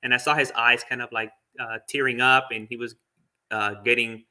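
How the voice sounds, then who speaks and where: A man's voice: mid-range voice, flat delivery, moderate pace, pushed and bright. A man who is a Buddhist monk telling a personal story in a chatty way, with fillers and small laughs. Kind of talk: casual storytelling talk.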